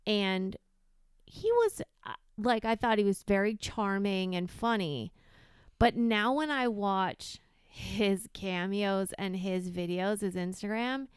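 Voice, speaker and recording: Smooth-voiced chatty woman co-host. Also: mid-range voice, animated, takes it slowly, dry recording, studio quality. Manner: chatty, trailing off and restarting. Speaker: podcast co-host. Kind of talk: casual chat.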